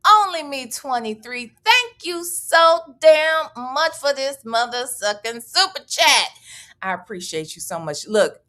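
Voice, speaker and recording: Woman streamer, unhurried sassy delivery, bright voice, thanks viewers by name and swears freely. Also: high-pitched, big pitch swings. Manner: sassy, profane, chatty. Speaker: livestream host. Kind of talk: casual livestream chat reading viewer messages.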